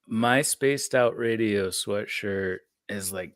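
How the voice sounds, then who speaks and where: Male radio guest in his 40s, lowish voice, dry sound, relaxed friendly banter. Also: takes it slowly, no echo. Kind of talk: casual radio interview chat.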